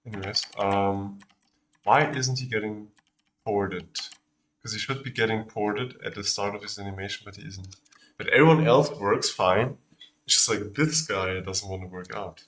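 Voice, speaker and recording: A man's voice: on the low side, normal speed, fairly bright tone, a little hiss or hum. A man from Austria with an Austrian German accent whose first language is German. He chats casually on a livestream while building a game, talking in a distracted way as he works. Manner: distracted, talks while working. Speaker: streamer making a game.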